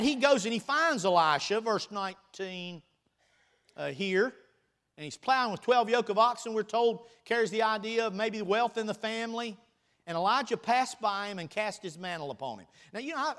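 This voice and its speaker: Preaching from scripture, this man's pitch sits high as he veers from booming passages into soft, playful side remarks.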